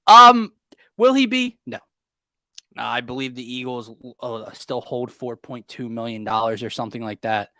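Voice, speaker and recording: A man's voice: mid-range voice, animated, moderate pace, pushed and bright, no echo. A young man hosting a casual sports talk show, ranting in exasperation with sarcastic jabs. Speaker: podcast host.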